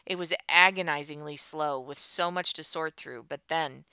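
A woman narrating a tense audiobook in a fairly low but very bright, clear voice. She keeps a steady storytelling manner. The recording is close and dry. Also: moderate pace, no echo.

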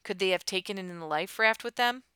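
A woman's voice: mid-range voice, fast talker, sharp tone, clear, resonant tone, no room sound, natural voice. A woman voicing an anxious teenage girl stranded after a crash, speaking with urgent, pleading strain.

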